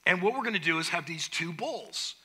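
A man preaching a sermon, retelling a story with shifts from loud to hushed. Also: high voice, expressive, a little fast, breathy edge. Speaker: pastor.

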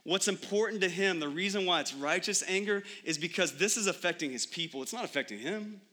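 A man's voice: sits high, brisk, bright, forceful tone. A young adult man preaching a sermon in church, conversational, with frequent rhetorical questions to the congregation. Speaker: pastor.

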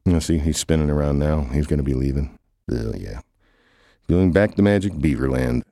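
Very deep-voiced man in silly banter. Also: a little fast, vocal fry, warm tone, dry recording, studio quality. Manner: rambling, hesitant, silly. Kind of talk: improvised comic banter.

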